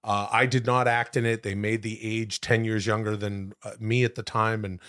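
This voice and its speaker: A man co-hosting a comedy podcast, brainstorming in a casual, excitable way, swearing freely and jumping up in pitch as he riffs. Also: moderate pace. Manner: animated, excitable, jumps high in pitch when riffing. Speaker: podcast co-host.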